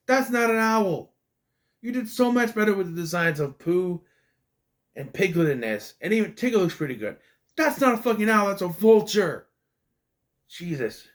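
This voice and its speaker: Male reviewer, fed-up rant delivery, bouncy lively intonation, slightly higher voice, swears freely. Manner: exasperated ranting with swearing; rambling, with restarts and stammers. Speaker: movie reviewer. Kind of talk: casual spoken film review.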